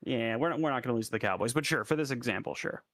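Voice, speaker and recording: A man co-hosting a casual sports podcast, relaxed and wry, laughing along with his partner. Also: mid-range voice, rapid-fire, dry recording. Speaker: podcast co-host.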